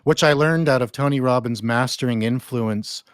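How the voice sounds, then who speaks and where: A man's voice: medium pitch, normal speed, clear, resonant tone, dry recording. A man hosting a podcast interview, speaking bluntly and casually and swearing now and then. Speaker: podcast host, recovery coach.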